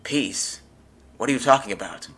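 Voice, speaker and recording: A man reading aloud as a subdued, respectful young yakuza underling in a video game, speaking quietly. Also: mid-range voice, lively intonation, normal speed. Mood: confused. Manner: quiet and restrained.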